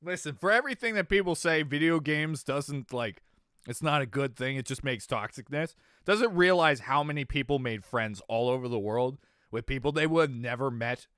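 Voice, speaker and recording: A young adult man chatting casually on his stream, telling stories animatedly, swinging from mumbles to loud exclamations, laughing and swearing freely. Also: medium pitch, lively intonation, moderate pace, clear, resonant tone, no echo, clean studio sound. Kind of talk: casual chat.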